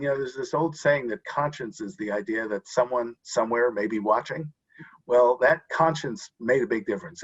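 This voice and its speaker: A man's voice: mid-range voice, breathy edge, highs cut off. A man speaking as a guest expert in an interview, explaining earnestly with frequent restarts over a video call. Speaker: guest expert on voting rights. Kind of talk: interview answer.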